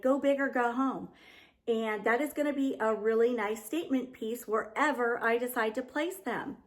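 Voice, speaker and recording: A woman with a fairly high voice talks to her viewers in a casual decor vlog, gushing and chatty. She sounds heartfelt and eager. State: getting emotional. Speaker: home decor YouTuber.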